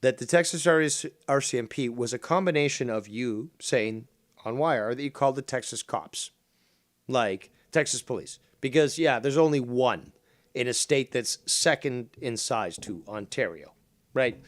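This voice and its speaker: A man's voice: mid-range voice, lively intonation, normal speed, no room sound, clean studio sound. Angry, profane man ranting. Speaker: stream host. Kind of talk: ranting livestream commentary.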